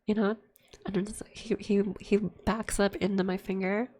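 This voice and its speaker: A woman's voice: medium pitch, level tone, moderate pace, darkish tone, a little hiss or hum. A young adult woman telling a candid, profane personal story in whispered ASMR chat, full of fillers. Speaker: streamer.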